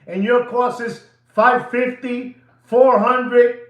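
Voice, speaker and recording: A man's voice: very high-pitched, slow pace. A man hosting a watch channel, ranting theatrically to his viewers and slipping into asides. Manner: excitable, theatrical, slips into Spanish asides. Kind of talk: animated rant to viewers. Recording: roomy echo.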